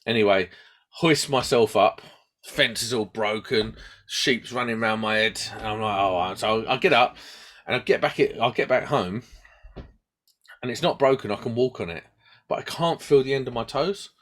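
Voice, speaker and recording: A man's voice: mid-range voice, normal speed. A man, telling a story on a podcast he co-hosts and laughing at himself. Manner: animated, acts out quoted voices, laughs at himself. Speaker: podcast host. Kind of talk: casual storytelling chat.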